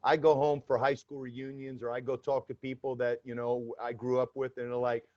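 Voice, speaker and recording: A man's voice: mid-range voice, level tone, moderate pace, a little mellow, no room sound, lo-fi sound. A man in his fifties from Atlanta with a New York accent, a former federal agent talking as a podcast guest in a blunt, streetwise way with wry humor. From Atlanta, Georgia, US South. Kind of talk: casual interview talk.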